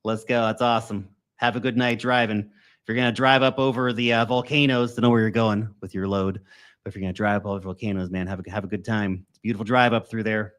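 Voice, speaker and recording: A man hosting a crypto livestream, talking in a casual, slangy, energetic way and greeting viewers. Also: fairly low pitch, quick pace, clean tone. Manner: energetic, slangy, chatty, swings loud and soft. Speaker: crypto YouTube host.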